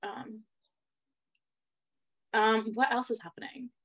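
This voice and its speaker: Brief: young female co-host, higher-pitched, excitable and blunt, chatty theater talk. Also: takes it slowly. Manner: excitable and blunt, swears casually. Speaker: podcast co-host. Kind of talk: casual chat about musical theater.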